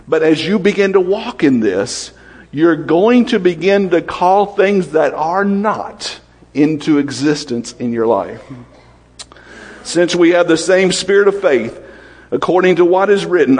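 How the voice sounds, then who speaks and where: Lively preaching man in a hall. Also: on the high side, breathy edge. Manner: lively, quick-fire preaching with direct questions to the congregation. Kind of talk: sermon.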